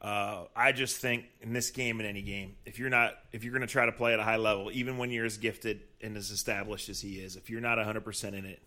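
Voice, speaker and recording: Man talking sports calmly, fairly low voice, pretty measured. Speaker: podcast co-host. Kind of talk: casual sports chat.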